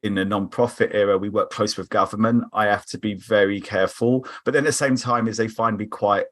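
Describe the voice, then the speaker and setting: A man's voice: fairly low pitch, fairly even intonation, brisk, fairly bright tone. A young man from England with a South London Croydon accent, a podcast guest chatting casually and laughing easily. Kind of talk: casual chat over a remote call.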